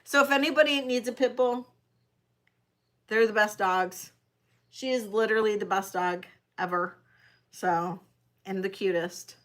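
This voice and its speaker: A woman's voice: mid-range voice, slow pace, long pauses. A woman hosting a live-stream vintage jewelry sale, chatting directly with her viewers. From Detroit area, United States. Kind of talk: live-stream auction chat.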